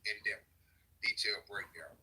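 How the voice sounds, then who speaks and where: Bright-voiced man breaking down a legal text. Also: fairly low pitch, steady tone, measured pace, poor audio. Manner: explains loosely, swears, stops to break down each phrase. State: has the hiccups. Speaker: online commentator. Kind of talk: casual monologue reading a legal text.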